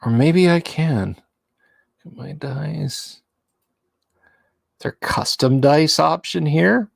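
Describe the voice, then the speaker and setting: A chatty man hosting a casual livestream, his voice sitting a bit high for a man. He reads viewer names aloud and laughs easily, recorded dry and close with no room sound. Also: drawn-out words, creaky, husky, no echo. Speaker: livestream host.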